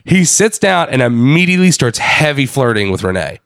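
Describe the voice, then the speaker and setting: A young man co-hosting a casual podcast, recapping wrestling in an animated way, swearing freely and acting out what people said. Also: medium pitch, fairly quick, creaky, dry recording, studio quality. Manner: animated, swears a lot, acts out quotes. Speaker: podcast co-host.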